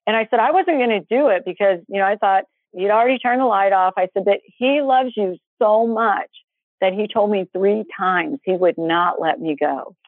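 A woman guest telling personal faith stories in a casual, animated way, acting out what people said. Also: mid-range voice, fairly quick, few pauses, dry recording. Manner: animated, acts out quoted voices. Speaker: guest storyteller. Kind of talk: casual testimony storytelling. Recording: tinny phone line, dry.

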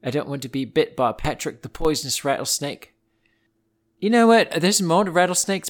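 A man hosting a children's podcast, telling silly animal facts in a playful, animated way and wandering off on tangents. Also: a little high. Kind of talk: playful storytelling for kids.

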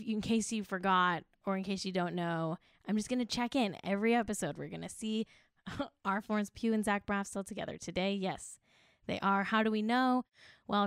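A woman's voice: medium pitch, clear, resonant tone, no echo, clean studio sound. A woman hosting a comedic pop culture podcast, sarcastic and mock-earnest, laughing often. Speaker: podcast host.

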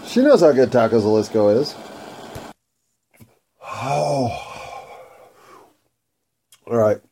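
Mellow-voiced man rambling profanely. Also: medium pitch, lively intonation, slow pace, gravelly, slightly rough. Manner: profane, rambling and food-obsessed. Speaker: vlogger. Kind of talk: casual rambling monologue while eating.

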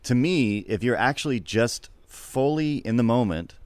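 A middle-aged man, a comedian, talking candidly and reflectively in an interview, swearing freely and getting animated at times. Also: medium pitch, unhurried, no echo. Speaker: podcast guest, comedian.

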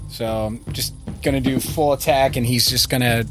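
A man at a tabletop game talks through his turn casually, checking the rules out loud as he goes. Music sits clearly in the background of his voice. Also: mid-range voice, steady tone, moderate pace. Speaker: player.

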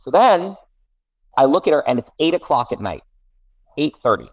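A man's voice: on the high side, normal speed, no room sound, highs cut off. A middle-aged man, a guest parent, telling a casual story with many restarts and self-corrections. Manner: rambling, self-correcting, animated.

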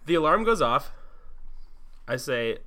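A man co-hosting a casual comedy podcast, playful and quick to laugh, riffing in jokey rants. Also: on the high side, sing-song, a crowd in the background. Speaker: podcast co-host.

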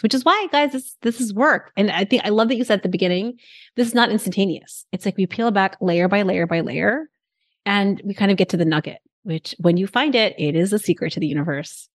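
Chatty woman hosting a podcast. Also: mid-range voice. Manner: animated storytelling, many "like" fillers. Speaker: podcast host. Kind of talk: casual conversational interview.

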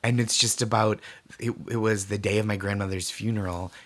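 A man being interviewed, telling warm, animated personal anecdotes with laughing asides. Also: fairly low pitch, fairly quick. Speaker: comedian guest. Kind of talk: interview storytelling.

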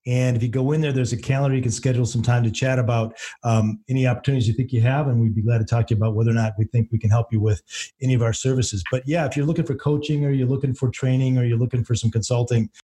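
A man appearing as a guest on an interview podcast, a business coach who talks quickly and often restarts his sentences. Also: medium pitch, steady tone, mellow. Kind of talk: casual interview chat.

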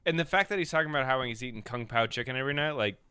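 A man's voice: medium pitch, rapid-fire, sharp tone, clean tone, no echo, clean studio sound. A man co-hosting a podcast, chiming in with upbeat, eager remarks in casual chat. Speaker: podcast co-host.

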